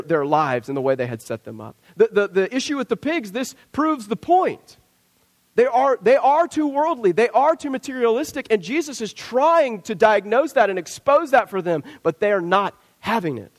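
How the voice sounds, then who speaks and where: A man preaching a sermon as pastor, asking rhetorical questions and acting out quotes with emphasis. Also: high-pitched.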